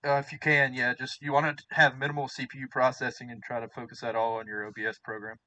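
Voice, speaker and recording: Bright-voiced man giving stream tips. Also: medium pitch, little pitch movement, quick pace, no room sound, poor audio. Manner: helpful, joking. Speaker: stream tech helper. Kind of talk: casual chat.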